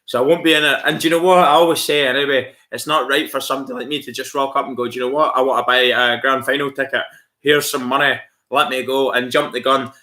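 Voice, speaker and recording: A man's voice: mid-range voice, a bit bright. A Scottish man chatting casually on a live stream, swearing freely and laughing often as he answers viewers. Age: adult with school-age kids.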